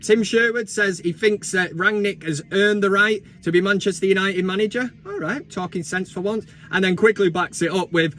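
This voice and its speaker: A man's voice: high voice, a little fast, hardly any pauses, fairly bright tone. A man in his thirties hosting a football vlog, giving blunt, sweary and mocking commentary in a casual chat.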